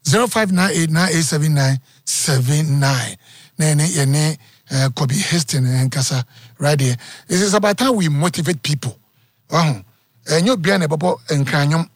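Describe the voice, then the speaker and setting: Lively Ghanaian radio sports host. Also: male voice, a little high, moderate pace, dry recording, studio quality. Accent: Ghanaian English. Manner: energetic, repeats phone number, chatty. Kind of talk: live call-in radio banter.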